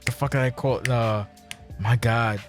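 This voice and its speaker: At normal speed and medium pitch, with faint music behind him, a man hosts a casual podcast chat. He seems tipsy, spinning rambling, animated stories laced with profanity.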